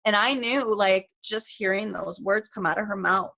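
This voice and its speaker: A middle-aged woman speaks as a guest on a group call, telling a personal story. She talks quickly and with feeling, and her sentences are full of fillers and restarts. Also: medium pitch, creaky, pushed and bright. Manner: emotional, rapid storytelling with many fillers.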